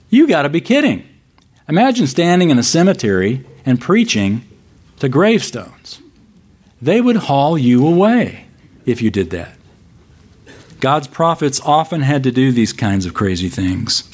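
Male pastor, mid-pitched, sermon delivery, expressive with slow emphatic scripture passages.

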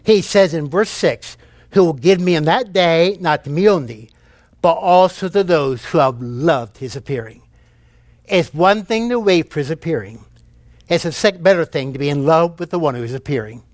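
High-voiced male preacher, dry sound. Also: lively intonation, moderate pace, darkish tone, dry recording. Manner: tells jokes, repeats key phrases for emphasis. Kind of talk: sermon.

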